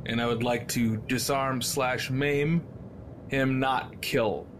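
A man's voice: medium pitch, steady tone, background noise. A man playing a tabletop game, describing his character's actions in a playful way. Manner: playful, quick storytelling. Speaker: player. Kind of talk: tabletop game role-play.

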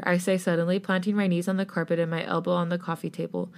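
Low-voiced woman narrating fan fiction. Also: level tone, fast, few pauses. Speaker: podcast host. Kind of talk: reading fan fiction aloud.

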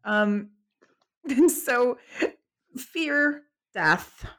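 A woman hosting a conversational interview, easygoing and quick to laugh along. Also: fairly high pitch, lively intonation, fairly bright tone.

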